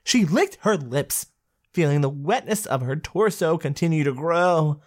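Low, lively woman reading with dramatic flair. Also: unhurried. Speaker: podcast co-host. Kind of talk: comedic reading and banter.

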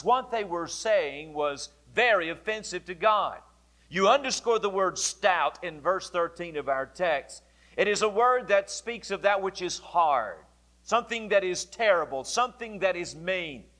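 A male pastor preaching a sermon, explaining scripture in a deliberate way and repeating key phrases. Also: sits high, expressive, pushed and bright.

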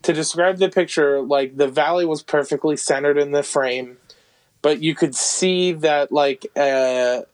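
A man's voice: a little high, a little slow. Easygoing man telling a story casually. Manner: easygoing, descriptive storyteller with many fillers. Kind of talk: casual chat.

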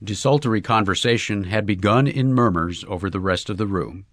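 A man narrating a humorous short story in a lively, character-driven reading. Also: on the low side, brisk, no room sound, studio quality.

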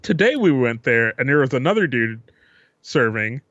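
A man's voice: mid-range voice, very animated, normal speed, fairly bright tone, no room sound, dull audio. A man co-hosting a podcast, rambling through a profane, laid-back story in casual chat. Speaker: podcast co-host.

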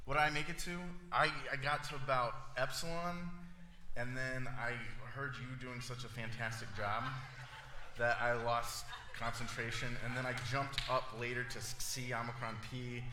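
A man's voice: medium pitch, little pitch movement, moderate pace, noisy background. A man preaching to a congregation in a playful, jokey teaching manner. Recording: echoey church hall.

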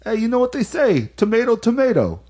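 A man putting on a loud New pizzeria guy, pitched well above a normal speaking voice. He is brash and sure of himself. He insists on his point with a swooping, lively delivery. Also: brisk, breathy edge, heavily acted. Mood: boastful.

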